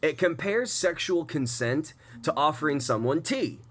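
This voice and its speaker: A man hosting a casual radio show, telling stories in an animated, chatty way. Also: fairly high pitch, measured pace, a little hiss or hum. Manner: chatty, animated storytelling with put-on voices. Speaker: radio host.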